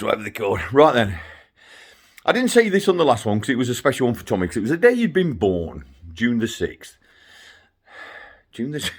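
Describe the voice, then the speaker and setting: Middle-aged dad giving a rambling, ranting video update, lively and up-and-down in pitch. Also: male voice, slightly rough. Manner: ranting, chatty, self-interrupting with laughs and asides. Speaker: father vlogging to his sons.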